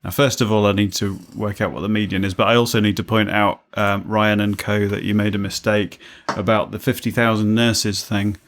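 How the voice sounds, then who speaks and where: A man's voice: on the low side, level tone, brisk, few pauses, a bit bright. A man co-hosting a casual chat podcast, rambling and jokey as he thinks aloud. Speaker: podcast co-host.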